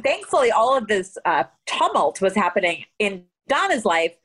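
A woman hosting a podcast interview, asking measured, complimentary questions. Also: medium pitch, big pitch swings, a bit bright. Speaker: podcast host.

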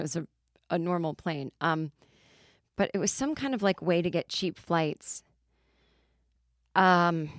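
A woman comic, riffing through a loose podcast monologue that keeps doubling back on itself. Her voice sits a little low for a woman. It is recorded close and dry, with no room sound. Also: dry recording. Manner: rambling, self-interrupting storyteller with quick asides. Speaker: podcast host. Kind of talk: casual comedic monologue.

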